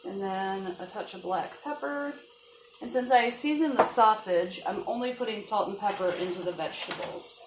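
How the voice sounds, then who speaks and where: A woman's voice: mid-range voice, normal speed. A woman chatting casually as she cooks at home for her cooking vlog, joking about herself along the way. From not from the American South. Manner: chatty, self-deprecating, talks while cooking. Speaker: home cook vlogger. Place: home kitchen with frying pan sizzling. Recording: echoey kitchen with frying noise.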